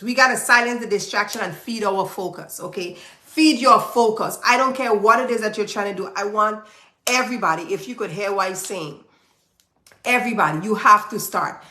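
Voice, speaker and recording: A woman who owns a business gives motivational advice to camera in an echoey room. Her fairly high voice is bright and forceful, and her delivery is emphatic and preachy, repeating phrases for stress.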